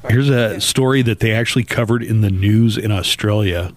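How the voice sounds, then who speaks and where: A man's voice: on the low side, normal speed, no room sound. A man hosting a radio show, telling news stories in casual banter with playful asides.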